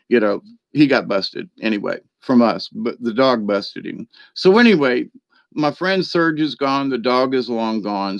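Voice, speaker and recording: A man talks from home in a loose, meandering way, trailing off, circling back and chuckling as he goes. His voice sits at an ordinary middle pitch. The recording is dry and a bit dull, like a modest home setup. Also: no echo. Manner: meandering, chuckles often, many fillers. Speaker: spiritual channel host. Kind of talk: rambling casual storytelling monologue. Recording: dry, slightly dull lo-fi sound.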